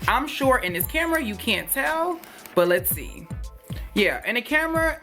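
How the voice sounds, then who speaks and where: Bright, chatty woman vlogger. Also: medium pitch. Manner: chatty and rambling, with many fillers and asides; playful, jokes and laughs. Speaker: hair review vlogger. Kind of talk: casual product review chat. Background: faint music.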